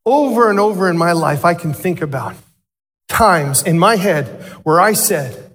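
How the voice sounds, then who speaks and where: A middle-aged man preaching a sermon as a pastor, animated and asking the congregation questions. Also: high voice, a little slow. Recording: long reverb of a large hall.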